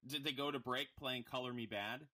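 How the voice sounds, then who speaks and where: A man co-hosting a podcast, talking haltingly with fillers in casual political chat. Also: mid-range voice, fairly even intonation, pushed and bright. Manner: halting, with many fillers and chuckles. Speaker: podcast co-host.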